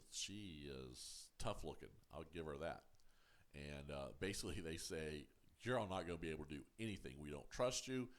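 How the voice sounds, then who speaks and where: A man hosting a casual show review to camera, halting and full of ums and uhs, firm when answering critics. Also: very deep voice. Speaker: show reviewer, channel host.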